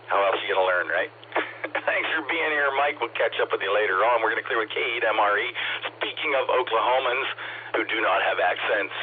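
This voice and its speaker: A man from Ohio leads a radio net, calling stations by call sign in a friendly, joking way. His voice sits a little low, and it comes through a thin, tinny radio channel with a faint hiss behind it. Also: brisk. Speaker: net control operator. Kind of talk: amateur radio net check-ins.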